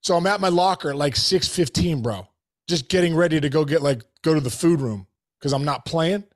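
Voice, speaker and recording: A man hosting a podcast, telling a story casually in animated bursts, full of restarts and "bro" and "dude". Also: a little high, brisk.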